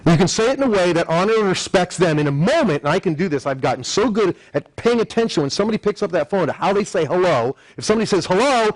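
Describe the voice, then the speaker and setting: A man's voice: high voice, brisk, no room sound, poor audio. A man teaching a live sales seminar, acting out phone calls in quoted voices as he explains. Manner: animated, acts out phone lines in quoted voices. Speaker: NLP sales trainer.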